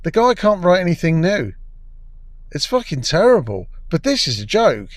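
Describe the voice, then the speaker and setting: A man's voice: high-pitched, wildly swooping pitch, normal speed, no room sound. A man giving a scornful, crude, exasperated review of a TV episode. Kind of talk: ranting review commentary.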